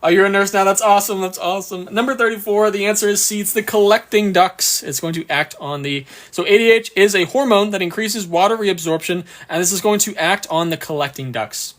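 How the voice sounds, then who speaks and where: A man's voice: high-pitched, a bit bright. A man teaching on a live stream, going through exam questions one by one and cheerfully thanking viewers, with a bout of hiccups. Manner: upbeat, reads questions slowly, thanks viewers often. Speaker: exam prep tutor.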